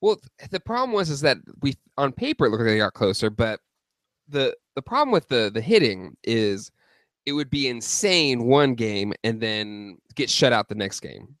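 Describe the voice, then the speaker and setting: A man's voice: mid-range voice, sing-song, moderate pace, fairly bright tone, dry recording, studio quality. A man from San Diego co-hosting a podcast, talking earnestly and hesitantly with lots of fillers about his home teams. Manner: earnest, hesitant, many likes and ums. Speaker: podcast co-host. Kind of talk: casual sports chat.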